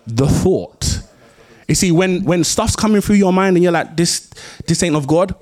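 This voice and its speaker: A man's voice: high voice, normal speed, a little mellow. A man, preaching a sermon, telling stories and driving points home with emphatic repeated phrases. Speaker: pastor.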